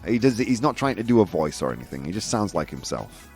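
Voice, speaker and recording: A man hosts a live-stream chat show, and his voice swings widely in pitch as he gets worked up. He keeps things provocative with teasing asides and frequent laughter. Faint music sits quietly behind him. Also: big pitch swings, fast talker. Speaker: host.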